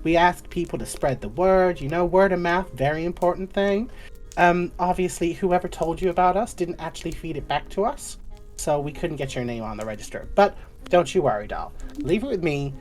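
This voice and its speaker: A woman's voice: on the low side, moderate pace, darkish tone, faint music behind, voice pushed up, close to an everyday voice. A woman voicing a chatty, fussing female guild receptionist who calls everyone doll and sweetie. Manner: fussy and doting, calls people doll, sweetie and babe.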